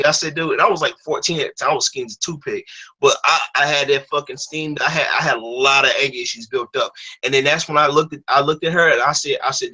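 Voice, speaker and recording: A man's voice: mid-range voice, fast, sharp tone, low-quality recording. A man in his twenties hosting a stream, telling a personal story in heated, profane casual talk. His speech is blunt and full of swearing. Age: 20s. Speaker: stream host.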